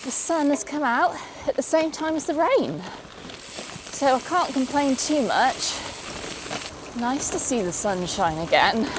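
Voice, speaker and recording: A high-voiced woman rides her bike through a forest, chatting in an animated, unhurried manner for her vlog and cooing at the animals she passes. The background is noisy.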